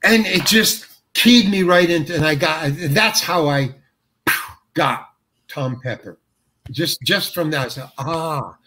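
An older man, an actor being interviewed, telling a story in a halting way with many restarts and acted-out quotes. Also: a little high, bright, forceful tone.

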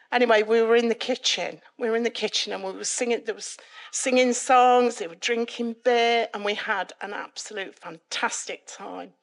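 A middle-aged woman, giving a dramatic, lively personal testimony at a church event. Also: moderate pace, gravelly. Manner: dramatic, lively retelling that climbs in pitch and volume. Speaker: guest speaker giving a testimony. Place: church worship event, live audience.

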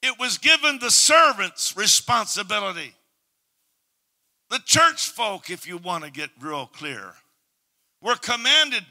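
Bright-voiced Canadian preacher, hushed to shouting. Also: male voice, sits high, sing-song, slow, pauses often. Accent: Canadian English. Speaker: pastor. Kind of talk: Pentecostal sermon.

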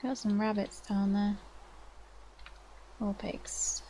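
A woman's voice: medium pitch, level tone, slow pace, warm tone, slight background noise. A young woman casually commenting on her own gameplay, chatty and self-mocking, greeting monsters in a sing-song voice. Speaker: gaming channel host.

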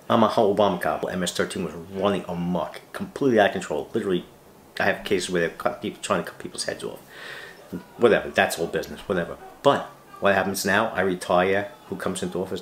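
A middle-aged retired police officer rants to camera on his fishing channel, his deep voice ringing in an echoey room. He's emphatic, firing off rhetorical questions and repeating words.

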